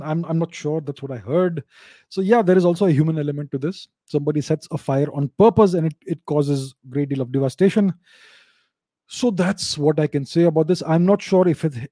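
A man's voice: a little high, warm tone, no room sound, studio quality. A man from India, giving opinionated casual commentary, often repeating and restarting his words.

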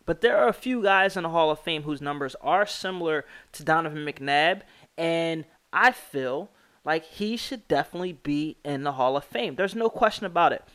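A man's voice: on the high side, lively intonation, moderate pace, a bit bright, clean tone, dry recording. A young American man hosting a sports podcast, talking casually and with strong opinions, rattling off stats and slang. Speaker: podcast host.

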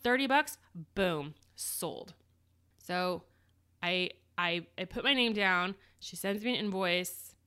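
A woman casually telling a personal story about starting her small business, animated and lively. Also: lowish voice, takes it slowly, smooth. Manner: animated, lively retelling with acted quotes.

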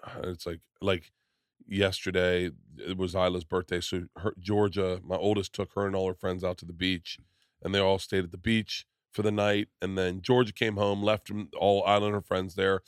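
A middle-aged man as a podcast host in casual chat, telling rambling, animated stories with many restarts. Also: low voice, moderate pace, clean tone, no room sound, studio quality.

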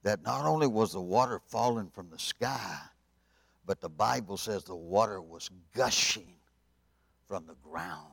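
A man preaching at a revival, telling the story dramatically and swinging from loud to hushed. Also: lowish voice, lively intonation, unhurried, creaky, breathy edge, dry recording. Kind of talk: sermon.

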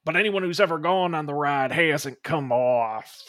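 A man voicing a stoned, strung-out man in a dog mascot costume who talks slowly and lazily. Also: a little high, fairly bright tone, no echo, clean studio sound. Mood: drawling.

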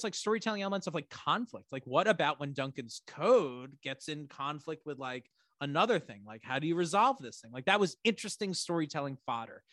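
A man co-hosting a podcast, casually recapping a TV episode in a rambling, filler-heavy, excitable way with some swearing. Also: on the high side, no room sound. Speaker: podcast co-host.

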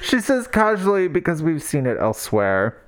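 A woman's voice: low-pitched, big pitch swings, moderate pace. A woman co-hosting a podcast, recapping a book in casual chat with wry, sarcastic asides. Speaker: podcast co-host.

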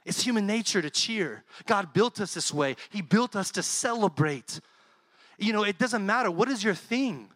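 At a moderate pace and with no room sound, a middle-aged pastor delivers his sermon conversationally and with animation, his male voice going soft and low for heartfelt moments.

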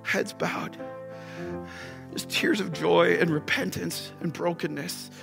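A man's voice: on the high side, steady tone, slow pace, gravelly. A man preaching as a pastor, giving an impassioned altar call full of repeated rhetorical questions. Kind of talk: sermon. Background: soft music playing.

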